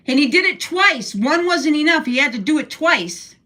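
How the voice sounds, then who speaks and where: Older woman, livestream host, blunt profane ranter, slightly high voice, at-home mic sound. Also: animated, moderate pace, bright, forceful tone. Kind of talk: casual livestream rant. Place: room at home.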